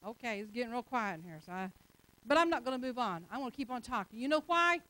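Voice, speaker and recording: A woman's voice: fairly high pitch, lively intonation, fast talker, bright, forceful tone. A woman preaching a sermon in an emphatic, conversational way, acting out quotes as she goes.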